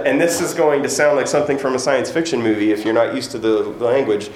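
A man's voice: medium pitch, fairly even intonation, quick pace, slight background noise. A man preaching a sermon as pastor in a church, emphatic and repetitive, with joking asides. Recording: echoey church room.

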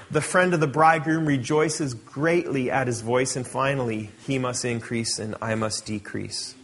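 A man's voice: medium pitch, fairly bright tone. A middle-aged man preaching a sermon, reading scripture aloud and explaining it in a conversational way. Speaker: pastor.

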